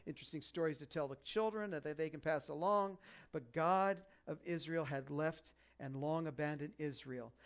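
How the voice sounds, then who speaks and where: A man preaching a conversational sermon as pastor, joking and animated, with lots of fillers and restarts. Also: fairly high pitch.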